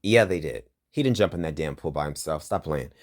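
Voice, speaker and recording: In a rumbling low voice at a slightly quick pace, a man reads out a news story and keeps interrupting it with furious, foul-mouthed remarks. His delivery jumps from flat reading to loud, heated outbursts.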